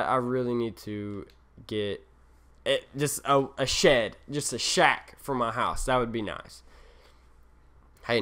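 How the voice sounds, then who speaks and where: A man's voice: medium pitch, bright, forceful tone. A young man narrating his own game as he plays, in rambling, self-mocking commentary that drifts from one thing to the next. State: tired. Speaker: gaming channel host. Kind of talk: Let's Play commentary.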